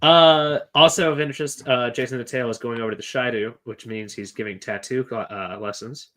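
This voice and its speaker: A man's voice: mid-range voice, fairly even intonation, fairly quick, fairly bright tone. A man co-hosting a podcast, chatting casually about a book in a rambling way, full of fillers and jokes. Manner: rambling, filler-heavy, joking. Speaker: podcast co-host.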